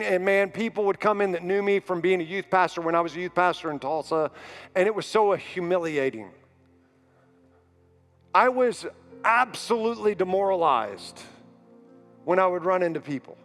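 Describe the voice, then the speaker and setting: A man's voice: high voice, a bit bright. A man in his forties preaching a sermon as a pastor, earnest and building to emphatic repetition. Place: large church auditorium. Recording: music bed in a long-reverb hall.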